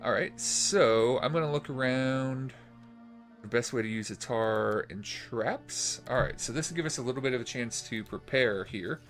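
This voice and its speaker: A man's voice: mid-range voice, normal speed, a bit bright, faint music behind. A man hosting a let's play, commenting casually on a role-playing game as he plays, rambling with fillers and restarts. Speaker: gaming channel host.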